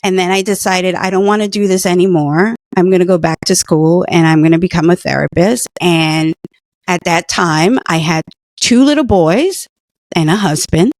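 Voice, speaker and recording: A woman's voice: lowish voice, moderate pace, a little mellow, no echo, clean studio sound. A middle-aged woman earnestly telling a personal story in conversation, emotional at times. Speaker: guest, former patient.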